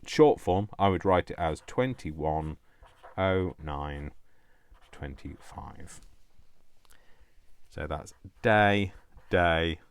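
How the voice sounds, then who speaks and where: Excitable deep-voiced British man. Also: clean tone. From United Kingdom. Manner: rambling, excitable, over-explains. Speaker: crafting vlogger. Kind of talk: casual chat opening mail.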